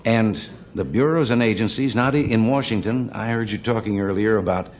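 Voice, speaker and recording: A man's voice: lowish voice, a little fast, darkish tone, a little hiss or hum. An older man from the American Midwest, a politician guest talking about government on a talk show in a plainspoken, wry, anecdotal way. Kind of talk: folksy talk-show conversation.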